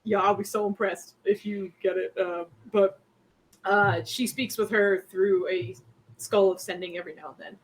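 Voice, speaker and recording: A woman's voice: mid-range voice, fairly even intonation, moderate pace, poor audio. A woman running a tabletop game as its game master, narrating with frequent laughs and fillers. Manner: giggly, lots of fillers.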